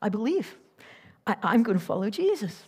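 A woman voicing an earnest young man who answers his parents quietly and hesitantly in a retold story. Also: mid-range voice, big pitch swings, normal speed, slightly rough. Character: earnest young male new convert.

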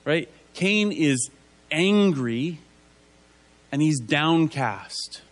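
A man's voice: fairly high pitch, animated, very slow. A man preaching a conversational sermon, asking rhetorical tag questions and acting out biblical figures in casual voices.

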